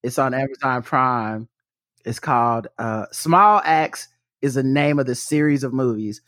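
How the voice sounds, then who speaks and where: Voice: mid-range voice, measured pace, dry recording. Casual American co-host, curses constantly, laughs mid-story, dry close mic. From United States. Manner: profane, laughing, animated storytelling. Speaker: podcast co-host. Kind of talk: casual chat.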